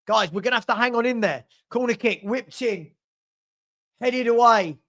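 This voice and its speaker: A man giving partisan live commentary on a football match for a stream, getting loud and excited at big moments. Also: extremely high pitch, moderate pace. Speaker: fan watch-along commentator. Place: home room with a dog.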